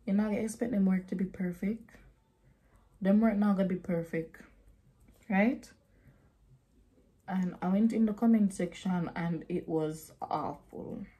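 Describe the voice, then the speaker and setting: A woman's voice: medium pitch, mellow, slightly rough. A young woman chatting bluntly while doing her makeup, slipping into patois now and then. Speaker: beauty vlogger.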